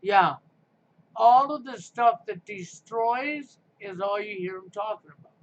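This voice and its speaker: A man with a high voice delivers a combative, preachy rant to his live stream audience, with sarcastic jabs throughout. The audio is muffled and lo-fi, with a faint hiss underneath. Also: a little slow. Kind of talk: ranting live stream monologue.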